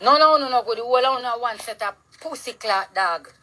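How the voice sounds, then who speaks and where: A Jamaican woman ranting outdoors in a yard, loud, heated and full of curses, recorded on a phone. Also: fairly high pitch, moderate pace, poor audio. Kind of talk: angry street rant to camera.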